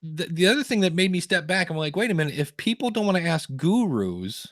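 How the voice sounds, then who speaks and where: A man's voice: sits high, sing-song, brisk, a bit bright, no room sound, studio quality. A man hosting a podcast in casual chat, rambling through stories and acting out quotes in funny voices. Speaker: podcast host.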